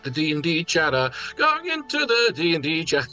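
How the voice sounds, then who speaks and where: A man's voice: fairly high pitch, very animated, moderate pace, over music. A man playing in a tabletop game, muttering to himself and apologetic as he sorts things out. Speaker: player.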